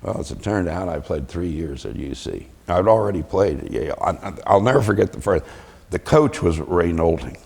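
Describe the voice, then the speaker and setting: A man's voice: low voice, animated, moderate pace, vocal fry, a little mellow, breathy edge, long reverb tail. An older man, a veteran, telling chuckling anecdotes in an oral history interview and acting out the voices he quotes.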